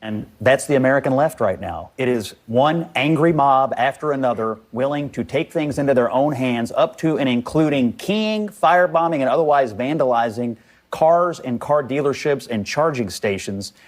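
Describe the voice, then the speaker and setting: A man's voice: mid-range voice, expressive, normal speed. Heated male news panelist. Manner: heated, interrupting.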